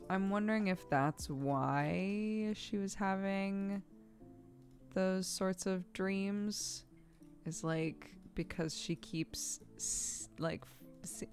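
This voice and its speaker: A woman streamer chatting casually, telling stories in a rambling, chatty way. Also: lowish voice. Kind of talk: casual chat while gaming.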